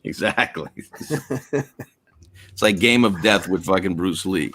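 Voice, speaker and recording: A man's voice: low-pitched, takes it slowly, bright, forceful tone. A man in casual chat, telling a long profane joke in a rambling way.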